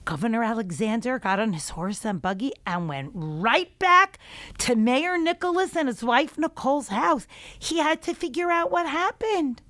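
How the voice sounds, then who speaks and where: Expressive woman telling a children's story. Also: high voice, moderate pace, no room sound. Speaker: teacher. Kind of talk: children's storytelling and Torah lesson.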